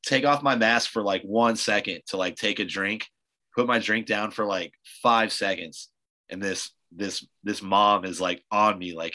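A man's voice: fairly low pitch, a little slow, pushed and bright, poor audio. A man hosting a podcast, chatting casually and rambling through stories with lots of filler words. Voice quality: loose, rambling storyteller with many fillers. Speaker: podcast host. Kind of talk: casual chat.

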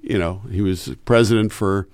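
An animated male radio announcer chats as a guest and tells his stories with energy. His voice sits low, and the recording is dry and close. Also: normal speed, no room sound. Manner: animated, chatty, slips into voices. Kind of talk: casual interview chat.

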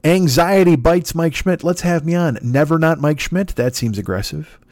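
A man's voice: a little high, normal speed, darkish tone, no echo, studio quality. A man hosting a comedy podcast, rambling and swearing in a self-deprecating monologue. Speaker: podcast host.

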